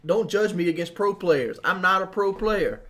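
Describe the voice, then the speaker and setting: A man's voice: high voice, lively intonation, normal speed, fairly bright tone. A young man giving a boastful, profane rant to camera as a gaming commentator, mocking his critics.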